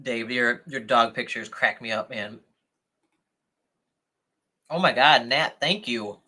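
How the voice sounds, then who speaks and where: A young adult man hosting a casual livestream, chatting excitedly and thanking viewers as he reads comments. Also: mid-range voice, slow, breathy edge. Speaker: livestream host.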